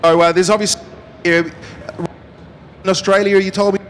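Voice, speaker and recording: A man's voice: sits high, flat delivery, moderate pace, fairly bright tone, a little hiss or hum. A friendly, chatty man, reporting live from the speedway pits. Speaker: pit reporter. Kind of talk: live trackside interview.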